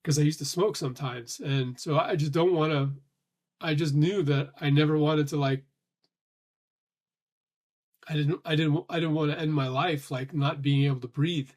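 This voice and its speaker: A man rambles casually through his thoughts in a somewhat high voice, restarting sentences and swearing now and then. His breath sounds a little short. He keeps an easy, confessional flow. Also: steady tone, normal speed, long pauses. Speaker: vlogger. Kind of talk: casual thinking-aloud monologue.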